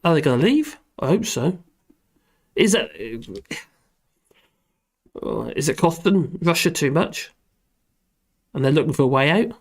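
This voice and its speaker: A man with a slightly high voice chats through a live stream from his desk. He rambles with plenty of fillers, reads viewer comments aloud and answers them in a loose, easygoing way. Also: expressive, a little slow, long pauses, husky. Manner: rambling, chatty, with fillers, talking to his dog between comments.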